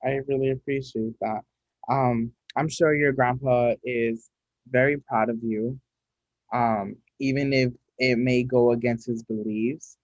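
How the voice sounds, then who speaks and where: A man interviewing a guest over a video call, gentle and hesitant with many pauses. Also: mid-range voice, fairly even intonation, no room sound. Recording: dull dry video-call audio.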